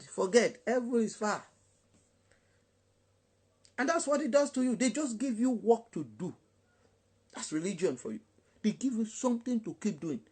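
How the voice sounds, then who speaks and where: A man's voice: high voice, a little mellow, breathy edge. Man, Nigerian English accent, gospel DJ, live online chat, emphatic, preachy, repeats himself, Pidgin asides.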